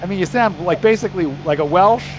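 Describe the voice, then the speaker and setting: A man's voice: sits high, fast, noisy background. An American man co-hosting a casual chat, teasing and joking with the others. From United States. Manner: teasing, jokey. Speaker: co-host. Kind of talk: casual banter.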